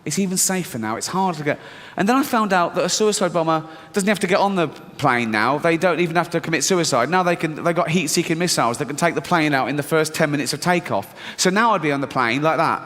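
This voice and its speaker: A man's voice: a little high, animated, fast, few pauses, fairly bright tone, big-room sound. A man performing a stand-up comedy routine, telling stories sardonically, mocking his own fears and swearing freely.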